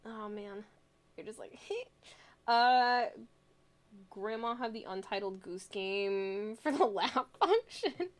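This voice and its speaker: A woman's voice: mid-range voice, takes it slowly. A woman streamer chatting casually with viewers, telling funny family stories with frequent laughter and reading comments aloud. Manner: giggly storytelling, reading chat aloud.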